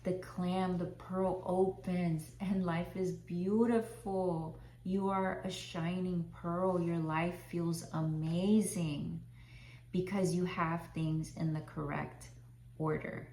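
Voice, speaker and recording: A woman's voice: on the low side, steady tone, slow pace, mellow, slight background noise. A woman who works as a Christian life coach gives an earnest faith talk, often repeating herself and drawing out her phrases. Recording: roomy echo.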